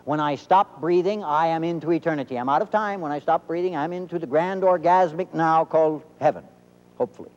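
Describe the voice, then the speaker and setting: An older man speaking in an earnest, emphatic, measured way, recorded in a reverberant hall. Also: fairly high pitch, lo-fi sound. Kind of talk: reflective monologue.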